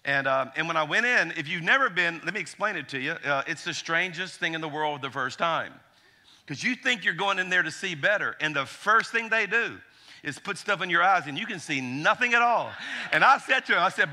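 Bright-voiced pastor joking through a sermon. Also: male voice, sits high, fairly quick. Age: 40s. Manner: storytelling with humor, animated asides.

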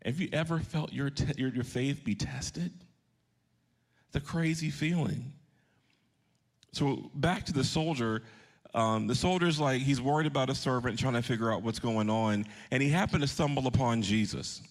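A man's voice: medium pitch, moderate pace. Man in his thirties, pastor, earnest storytelling sermon, questions to the congregation, mid-range voice. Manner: earnest, shifting pace for emphasis.

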